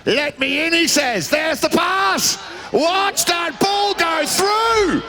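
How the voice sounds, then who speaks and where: A man giving live polo commentary to a crowd, chatty and excitable, shouting out the big plays. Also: very high-pitched, slow, noisy background. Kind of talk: live sports commentary over a PA. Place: outdoor snow polo ground.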